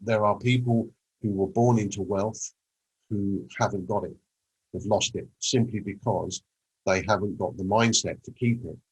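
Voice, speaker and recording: A man delivers a motivational presentation with a storyteller's pacing. His voice sits fairly low and has a husky edge. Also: fairly even intonation, normal speed, poor audio. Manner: storytelling, acts out quoted conversations.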